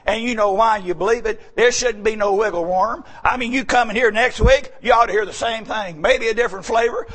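Male preacher, very high pitch, folksy and shouty. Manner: folksy storytelling, bursts into shouting for emphasis. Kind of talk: sermon.

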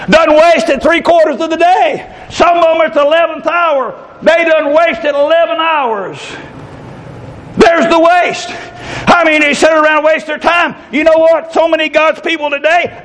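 A man preaching a fervent revival sermon, stretching key words and breaking into shouts. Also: very high-pitched, low-quality recording. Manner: fervent, drawn-out emphatic delivery with sudden shouts.

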